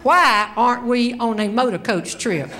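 Woman quoting a deadpan older husband. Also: fairly high pitch, normal speed, very noisy, close to an everyday voice.

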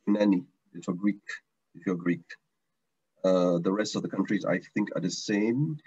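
Teacher, male, low husky voice, chatty and repetitive, dull lo-fi call audio. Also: normal speed, warm tone. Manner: chatty, repeats words, restarts often. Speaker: language teacher. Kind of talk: online taster class, casual teaching. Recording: dull lo-fi online stream audio.

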